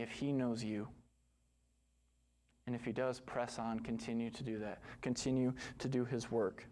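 A man's voice: mid-range voice, darkish tone. A man preaching a sermon, telling a story earnestly and rising to impassioned emphasis before leading a prayer. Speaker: pastor.

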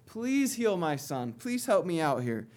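A man voicing a desperate father who pleads for his dying child, in a fairly high voice. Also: sing-song, unhurried, a little mellow. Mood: pleading. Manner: pleading, imploring.

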